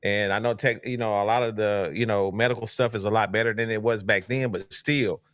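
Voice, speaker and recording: A man's voice: on the low side, steady tone, fairly quick, fairly bright tone, no room sound. A man co-hosting a sports podcast, chatting casually with playful slang and an easy drawl. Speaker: podcast co-host.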